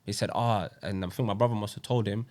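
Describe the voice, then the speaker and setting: A man's voice: fairly low pitch, fairly even intonation, quick pace, a little mellow. A young man, a podcast co-host sharing a personal story in earnest, slang-filled casual chat. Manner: earnest, slang-filled, says wallahi often.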